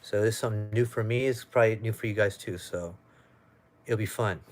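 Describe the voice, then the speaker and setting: A young American man from the United States chats casually on a live stream at home, loosely reading out viewer comments. His voice is fairly low and brisk, picked up by a webcam or phone.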